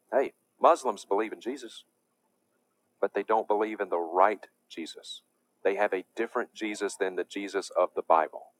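Male preacher, low voice, dry close sound, emphatic and indignant delivery. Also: no room sound. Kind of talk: preaching lecture.

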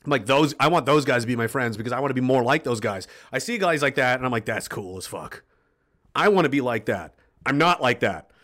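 A fast-talking man with a mid-range, somewhat bright voice and lively intonation hosts a livestream. He reads viewers' chat messages and unleashes a passionate, blunt political rant peppered with swearing.

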